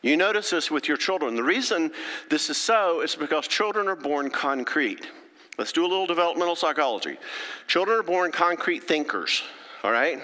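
A man's voice: fairly high pitch, very animated, moderate pace, pushed and bright. A middle-aged man, a therapist giving a folksy, chatty talk to an audience and checking in with them often. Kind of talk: lecture to an audience. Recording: long hall reverb.

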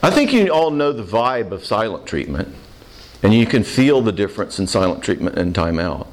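A man counseling a live audience in a Q&A, plainspoken and animated, acting out short quoted voices. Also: lowish voice, moderate pace. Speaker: counselor answering audience questions.

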